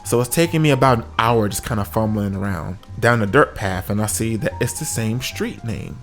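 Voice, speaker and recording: Animated man telling a comic story. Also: normal speed. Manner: animated, sudden high-pitched exclamations. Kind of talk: comedic story time. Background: faint music.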